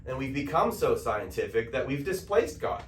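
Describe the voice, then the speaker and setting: A man's voice: medium pitch, very animated, normal speed, slight background noise. Man lecturing in an echoey room. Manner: conversational, frequent "okay?" check-ins. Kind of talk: spiritual lecture to an audience. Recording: echoey room, mic at a distance.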